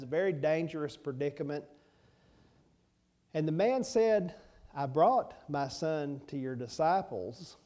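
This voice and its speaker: A man's voice: fairly high pitch, mellow. A man preaching a sermon in a folksy manner, asking the listeners rhetorical questions and repeating key lines. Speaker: pastor.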